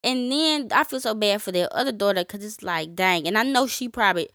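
A woman with a mid-range voice talks through stories on a podcast, keeping it conversational with fillers and quick asides. The sound is dry and close, with no room echo. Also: mid-range voice, animated, a bit bright. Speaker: podcast co-host. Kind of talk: casual storytelling chat.

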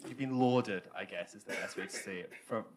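A man's voice: lowish voice, brisk, crowd noise. A man hosting an on-stage interview, chatty and hesitant, full of fillers and restarts. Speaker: interviewer host.

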